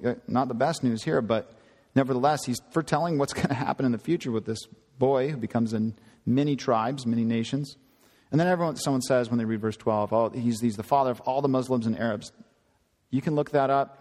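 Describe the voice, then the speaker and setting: A man preaching a sermon, telling the story with lively, acted-out voices. His voice sits at an ordinary middle pitch. The sound rings with the long reverb of a large hall. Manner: animated storytelling, acting out quoted voices.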